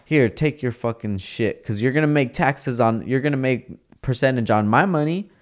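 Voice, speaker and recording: A man's voice: mid-range voice, normal speed. A man in casual podcast chat, talking brashly and profanely and mimicking people in his stories.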